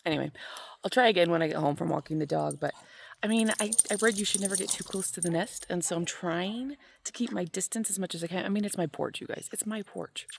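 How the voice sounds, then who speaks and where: Chatty woman in her forties, gravelly voice. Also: fairly low pitch, quick pace, slight background noise. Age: 40s. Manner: chatty, rambling, self-deprecating. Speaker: vlogger. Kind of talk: casual chat to camera.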